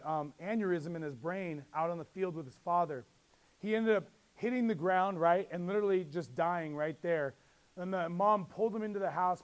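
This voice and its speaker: A middle-aged man, a youth pastor, teaching youth leaders in a lively, joking storytelling way. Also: sits high. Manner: lively storytelling with jokes and quick asides.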